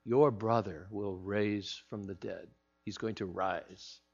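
A man voicing Jesus as a calm grown man who speaks slowly, hushed and intimate, within a sermon. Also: mid-range voice, lo-fi sound. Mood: tender.

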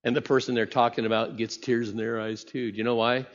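A man's voice: mid-range voice, flat delivery, fast. A man preaching a sermon as a pastor, talking conversationally and asking the congregation rhetorical questions. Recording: muffled sound in a reverberant hall.

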